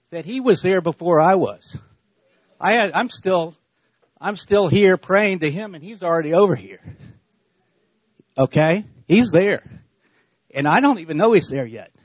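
A man's voice: a little high, breathy edge, dry recording, highs cut off. A man giving a conversational faith talk at church, repeating himself and checking in with the listeners. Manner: repetitive, checks in with "okay?". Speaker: church speaker.

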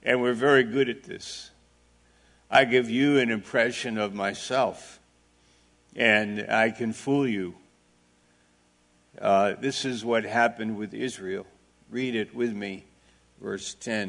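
A man preaching a sermon, slow and deliberate, asking his listeners rhetorical questions and speaking plainly with asides to them. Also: fairly low pitch, steady tone, gravelly, fairly bright tone. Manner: plain-spoken, with asides and audience back-and-forth. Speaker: pastor.

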